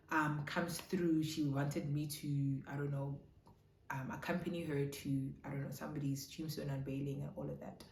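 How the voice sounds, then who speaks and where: A young South African woman telling a casual storytime, animated and switching between English and isiZulu. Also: low-pitched, a little hiss or hum. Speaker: vlogger. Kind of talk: storytime chat. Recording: roomy echo.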